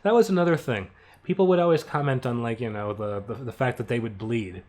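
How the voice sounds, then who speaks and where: A man's voice: mid-range voice, brisk, a little mellow, slight background noise. A young man giving a casual creator commentary on his own animation, offhand and self-mocking, often laughing and swearing.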